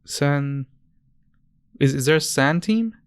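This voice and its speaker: A man's voice: a little high, expressive, slow pace, clear, resonant tone, dry recording, clean studio sound. Rambling young man telling stories. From United States. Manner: rambling storyteller, restarts often. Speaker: podcast co-host. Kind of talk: casual chat.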